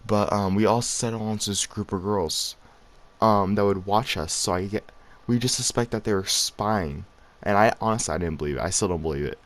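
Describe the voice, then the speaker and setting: A man's voice: lowish voice, a little fast, a bit bright. A teenage boy telling a story to his viewers in a casual, rambling way, full of fillers and restarts, sounding tired late at night. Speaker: vlogger.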